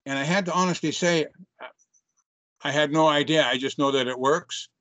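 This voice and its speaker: A man's voice: on the high side, normal speed, a bit bright, no room sound. An older man, a chiropractor, telling a story in an interview in an earnest, reflective way, often restarting his sentences. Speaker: chiropractor guest.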